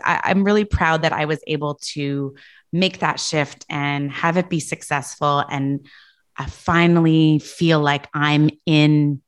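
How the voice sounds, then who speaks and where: A woman in her thirties talking as a podcast guest, earnest and explanatory, often tagging her points with a quick "right?". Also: low-pitched. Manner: earnest, tags statements with "right?". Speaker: podcast guest, leadership consultant. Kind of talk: casual podcast conversation.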